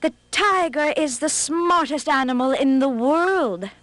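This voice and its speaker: A woman voicing a clever male fox in a storybook game, lively and animated. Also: high-pitched, unhurried, no room sound, voice pushed up.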